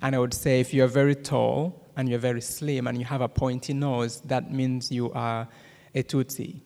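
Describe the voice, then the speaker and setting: A man in his thirties from Rwanda with a Rwandan accent gives a church testimony and prayer, talking fast with many "uh" fillers and jokes with the audience. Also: mid-range voice, little pitch movement, vocal fry, darkish tone. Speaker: guest speaker giving a testimony. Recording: long hall reverb.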